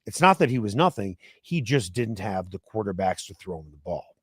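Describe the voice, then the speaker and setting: Man, from Chicago, sports talk host, measured, questioning, dry studio sound. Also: on the low side, very animated, husky, no echo. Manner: measured, explanatory, asks pointed questions. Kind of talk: sports talk radio chat.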